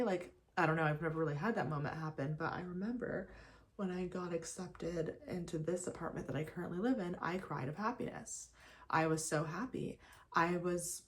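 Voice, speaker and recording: A young woman chatting casually while getting ready, talking about faith and surrender, with lots of restarts and fillers. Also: on the low side. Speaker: faith vlogger. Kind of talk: casual get-ready-with-me chat. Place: at home.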